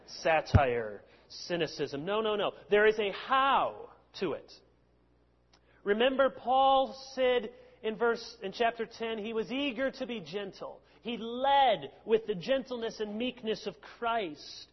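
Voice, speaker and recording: A male pastor preaching a sermon, explaining passages with lively sarcastic asides. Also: sits high, measured pace. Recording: long hall reverb, dull lo-fi sound.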